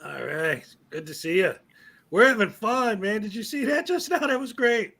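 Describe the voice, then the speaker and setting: A man's voice: high-pitched, lively intonation, normal speed, vocal fry, pushed and bright. A man co-hosting a casual livestream over a call, laughing a lot and cheering his partner on. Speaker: co-host on a stream call. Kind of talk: casual live-stream chat.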